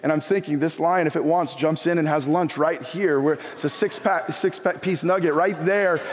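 A middle-aged man preaching a sermon and telling a personal story in an animated way, often repeating his words. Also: a little high, moderate pace, big-room sound. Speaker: pastor. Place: church sanctuary.

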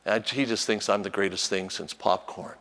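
An older man preaching a sermon as a pastor, telling a story about his grandson and switching between soft, reverent passages and lively storytelling. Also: normal speed, long reverb tail. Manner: storytelling, animated, voice jumps high when acting out a child.

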